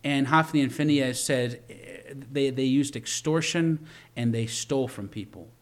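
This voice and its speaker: A man preaching a sermon as pastor. He speaks earnestly, repeats words as he builds a point, and grows louder to stress it. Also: mid-range voice, moderate pace.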